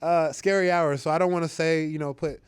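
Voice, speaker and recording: A man's voice: a little high, fairly even intonation, fairly quick, smooth, dry recording. A young man, a football player, talking casually in an interview, rambling with fillers and restarts and laughing easily.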